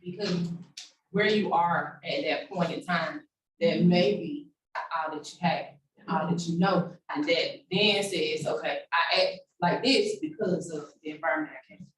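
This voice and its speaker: Participant, woman, lower voice, slow thoughtful answer, distant roomy sound. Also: slight background noise. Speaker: class participant. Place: large echoey classroom.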